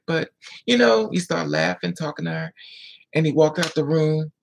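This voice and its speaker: A vlogger telling a painful personal story in a candid, emotional way, sometimes dropping to a hush, and answering viewer comments aloud. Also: mid-range voice, steady tone, a little slow, vocal fry, pauses often, slight background noise, rough recording. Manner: emotional, candid storytelling with frequent hushed asides. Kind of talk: casual story time monologue.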